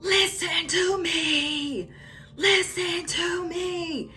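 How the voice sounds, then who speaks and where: A woman voicing a menacing male shadow demon who yells slow, drawn-out commands. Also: very high voice, faint music behind, voice pushed up, full character voice.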